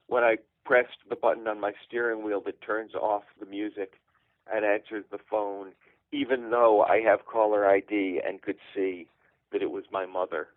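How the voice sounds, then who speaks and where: Deadpan man telling a comic story over a phone line. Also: on the low side, moderate pace, dry recording. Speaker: guest storyteller. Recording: tinny phone-line sound.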